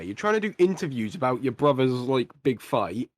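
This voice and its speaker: A young man co-hosts a casual podcast, recounting a story with lively, animated delivery and casual swearing. His voice sits in a middle pitch. The sound is dry and close to the mic. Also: brisk, no echo. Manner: animated storytelling, swears, mimics people he talks about. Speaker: podcast co-host. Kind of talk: casual chat.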